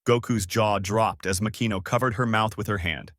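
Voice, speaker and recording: A man's voice: fairly low pitch, normal speed, no room sound, clean studio sound. A man reading a fan-made story aloud, then signing off casually to viewers. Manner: animated storytelling, casual sign-off. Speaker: channel host and narrator.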